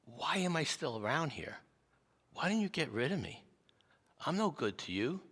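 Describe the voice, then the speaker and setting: A man voicing a timid cracked clay pot that feels worthless, talking quietly and with self-pity, in a hall with long reverb. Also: on the high side, sing-song, normal speed, husky, pitched above the performer's own voice, exaggerated voice. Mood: pleading.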